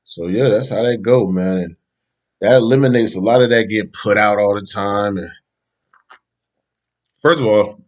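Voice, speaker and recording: A man's voice: on the low side, moderate pace, pauses often. A man hosting a podcast, talking in a loose, rambling, slangy way and laughing often. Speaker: podcast host. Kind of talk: casual opinion talk.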